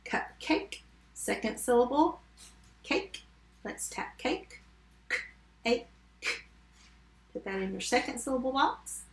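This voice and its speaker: A woman teaching a first grade phonics lesson remotely, sounding out words slowly and giving patient step-by-step instructions. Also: sits high, animated, echoey room.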